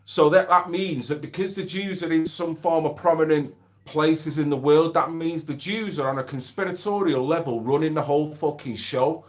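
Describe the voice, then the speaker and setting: Streaming from home, a middle-aged man chats bluntly in a voice on the high side at normal speed. He swears freely and reads out viewer comments during the casual livestream.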